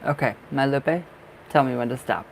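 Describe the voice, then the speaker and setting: A man's voice: medium pitch, moderate pace, vocal fry, slight background noise, rough recording. Chatty man giving tarot readings. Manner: chatty, affectionate, laughs often. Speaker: tarot reader, live stream host. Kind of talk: casual live-stream tarot reading.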